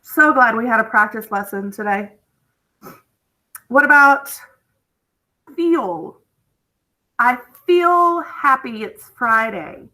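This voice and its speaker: A woman teaching a spelling lesson, her voice a little high and bright. She speaks very slowly and patiently, drawing out each word so young students can follow. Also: rough recording.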